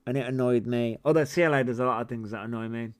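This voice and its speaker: A man in his forties hosts a casual livestream, reading viewer comments and launching into sweary, incredulous, rambling rants. His mid-range voice is smooth and steady, and he talks fast.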